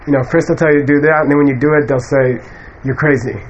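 A man's voice: fairly high pitch, steady tone, rapid-fire. A man giving an informal Buddhist teaching to a class, talking in a loose conversational way with many fillers and asides, recorded in a lecture room. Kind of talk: informal dharma lecture to students. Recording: muffled lo-fi room recording with faint hiss.

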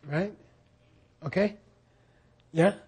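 A man's voice: high-pitched, drawn-out words, a little mellow, slightly rough. A man teaching a class on scripture, leading the students in repeating lines and checking in with them again and again. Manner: leads call-and-response repetition.

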